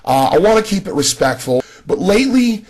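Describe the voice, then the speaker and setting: A man's voice: sits high, sing-song, fairly quick, darkish tone, a little hiss or hum. A man giving a casual spoken video response, talking straight to another creator with frequent restarts. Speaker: gaming commentator.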